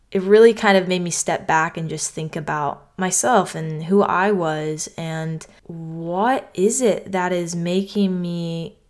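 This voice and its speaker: A young woman from North Carolina hosting her own podcast, talking earnestly and conversationally, often saying "like". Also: fairly low pitch. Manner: earnest, conversational, heavy use of "like". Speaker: podcast host. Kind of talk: reflective solo podcast talk.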